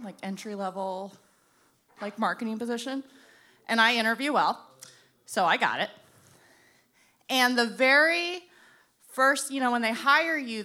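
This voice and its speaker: A young woman from Florida telling a stand-up story, animated and acting out the people she quotes. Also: a little high. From Florida, USA. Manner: animated, acts out both sides of conversations. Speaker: storyteller comedian.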